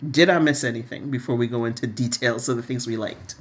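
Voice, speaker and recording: A middle-aged woman co-hosting a casual soap recap chat, animated and laughing often. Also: fast. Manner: animated, laughs often, rises high when amused. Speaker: podcast co-host.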